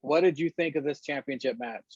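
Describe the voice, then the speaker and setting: A man's voice: a little high, fairly quick, a little mellow, breathy edge, no echo, lo-fi sound. A man hosting a wrestling podcast who steers the chat with questions. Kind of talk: casual chat.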